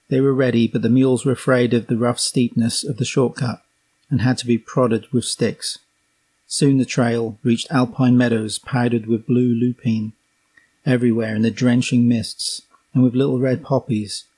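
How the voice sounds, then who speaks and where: Husky-voiced Norfolk man reading aloud. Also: mid-range voice. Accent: Norfolk English. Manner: steady, unhurried reading, occasional slips. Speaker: reader. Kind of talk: audiobook narration of a memoir.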